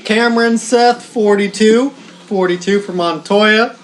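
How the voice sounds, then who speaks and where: A laid-back man with a fairly high voice chats as a guest on a casual stream. His phrases stretch out slowly and end with "man", and faint room ambience sits behind him. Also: a little hiss or hum. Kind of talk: casual chat.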